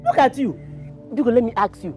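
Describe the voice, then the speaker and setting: An actress with a Nigerian accent playing a boisterous middle-aged mother who shouts, sings and dances. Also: fairly high pitch, a little fast, soft background music, close to an everyday voice. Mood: singing. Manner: boisterous, singing and dancing, shouting. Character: loud jubilant Igbo mother, middle-aged. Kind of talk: Nollywood film acting.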